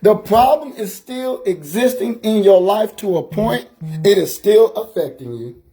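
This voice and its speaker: A man with a high, gravelly voice preaches a motivational message on a live stream. His pitch swings widely as he hammers points home with emphatic repetition and shouted peaks. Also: expressive, a little slow.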